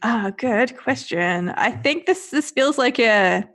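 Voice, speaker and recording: A woman playing in a tabletop role-playing game, chatting in an upbeat way and thinking out loud as she decides her moves. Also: fairly high pitch, animated, slow pace. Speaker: player. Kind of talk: casual tabletop game chat.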